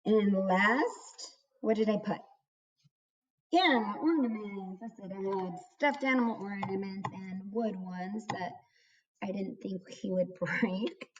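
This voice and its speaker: A woman's voice: mid-range voice, slow pace, breathy edge, far from the mic. A young woman teaching a kindergarten writing lesson, sounding words out syllable by syllable. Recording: dull lo-fi recording.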